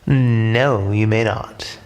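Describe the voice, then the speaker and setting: A man voicing a giant female octopus in a storybook, stern but caring, speaking slowly and firmly. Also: lowish voice, fairly even intonation, darkish tone. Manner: firm, slow and instructive.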